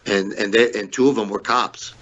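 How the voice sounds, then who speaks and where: A man's voice: fairly low pitch, fairly even intonation, moderate pace, fairly bright tone, dull audio. A man, a former wrestler, telling stories as an interview guest in a rambling, casual way, repeating words and saying "you know" often. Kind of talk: casual storytelling.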